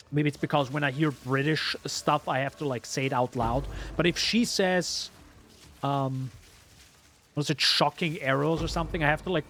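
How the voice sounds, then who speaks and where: A man chats through a live gaming stream, drifting from thought to thought as he addresses his viewers. His voice sits a little on the high side, with soft music under it. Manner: rambling, chatty, talks to viewers. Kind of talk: live gameplay commentary.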